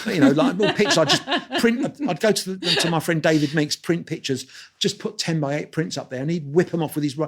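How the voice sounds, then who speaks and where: Older guy spinning stories, voices the quotes, trips over his own sentences. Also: on the high side. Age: 60s. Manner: animated anecdotes with quoted voices and restarts. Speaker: guest photographer. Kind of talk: storytelling interview.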